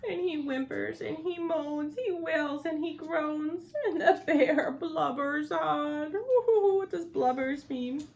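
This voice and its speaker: A woman teacher reading a picture book aloud to children, expressive and asking them questions. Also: high voice, takes it slowly, hardly any pauses.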